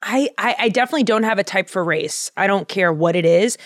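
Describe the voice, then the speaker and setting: A young woman hosting a podcast, chatting casually in a giggly, animated, joking way. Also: medium pitch, fairly quick, no room sound, clean studio sound. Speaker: podcast host. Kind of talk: casual chat.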